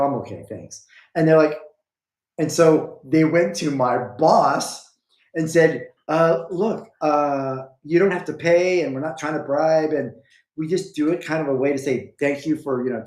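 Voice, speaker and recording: Animated storytelling man, echoey room. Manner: animated, acts out quoted lines with a jumping pitch; rambling, full of restarts and "I go". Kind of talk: casual storytelling on a podcast.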